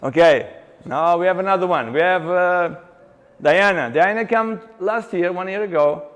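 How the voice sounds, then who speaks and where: High-voiced man speaking in a reverberant hall. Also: highs cut off. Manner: animated storyteller who acts out client dialogue; halting, with many restarts and fillers. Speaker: seminar speaker, exercise coach. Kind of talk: live seminar talk. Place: seminar venue with long reverb.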